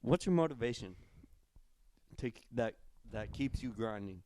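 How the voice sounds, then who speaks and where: A man's voice: medium pitch, lively intonation, normal speed, a little mellow, a little hiss or hum. A young man co-hosting a casual podcast, asking laid-back questions. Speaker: podcast co-host. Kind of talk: casual chat.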